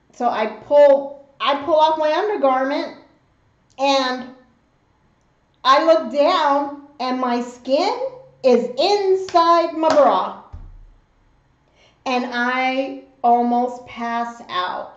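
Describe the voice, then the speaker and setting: A woman hosting an eating show and telling a story, acting out the voices of the people in it. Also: a little high. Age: adult mother. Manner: animated storyteller who acts out the voices in her story. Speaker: mukbang host. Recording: roomy, slightly dull home recording.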